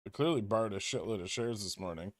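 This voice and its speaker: A man's voice: lowish voice, animated, fast talker, no echo. Dry, offhand man on a livestream. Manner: offhand and wry, thinks aloud with restarts. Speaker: stock trading livestream host. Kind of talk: casual livestream chat answering viewer questions.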